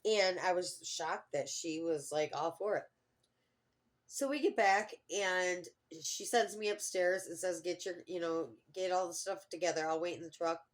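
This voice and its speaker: A woman's voice: fairly low pitch, fairly even intonation, normal speed. Rambling middle-aged woman telling a story. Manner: rambling, full of fillers and restarts. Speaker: vlogger. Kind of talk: casual storytelling vlog.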